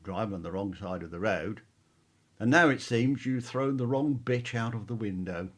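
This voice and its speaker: A man voicing a refined English gentleman with an English accent who speaks in a prim, dry and measured way. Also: on the low side, lightly acted.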